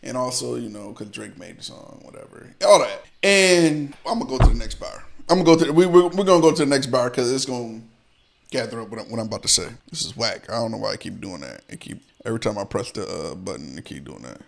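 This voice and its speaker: Male reaction host, mid-range voice, relaxed conversational breakdown that loops back on itself. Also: mid-range voice, fast talker, gravelly. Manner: loose, repeats and restarts, explains each line. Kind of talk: casual reaction commentary.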